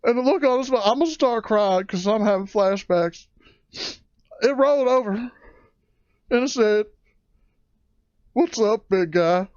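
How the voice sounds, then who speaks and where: A man telling a crude comic story, excitable and prone to loud rising outbursts. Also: extremely high pitch, moderate pace, long pauses, clean tone, dry recording, highs cut off. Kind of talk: stand-up storytelling.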